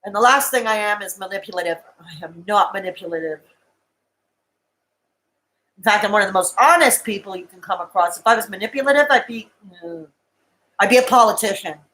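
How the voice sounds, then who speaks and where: A woman's voice: mid-range voice, brisk, long pauses, pushed and bright, rough recording. A woman on a live stream, crying as she talks to her viewers in a raw, emotional and defensive way. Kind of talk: tearful live-stream monologue.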